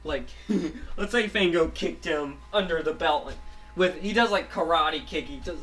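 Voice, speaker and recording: Bright-voiced man rambling through a made-up story. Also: a little high, soft background music. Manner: halting, full of fillers and restarts; keeps revising with "let's say". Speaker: storyteller making up a show plot. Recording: voice a bit far from the mic.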